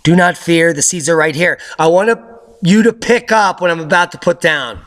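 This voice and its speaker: A man hosting a news update, giving casual commentary over clips in an excitable, sarcastic way with sudden loud outbursts. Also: a little high, moderate pace. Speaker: host of a news update channel.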